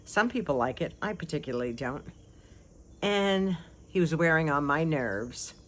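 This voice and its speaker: A woman's voice: sits low, moderate pace. Chatty older woman vlogging casually. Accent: non-local accent. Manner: chatty, lively, with frequent little laughs.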